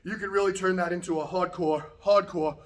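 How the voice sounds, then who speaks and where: A man teaching karate to the camera in a casual, relaxed way, a little out of breath after working out, often checking in with "okay" and "right". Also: high-pitched, brisk. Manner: relaxed, repetitive coaching with frequent okay and right. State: slightly out of breath after a workout. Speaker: karate instructor. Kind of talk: casual instructional talk to camera. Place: martial arts practice space, indoors.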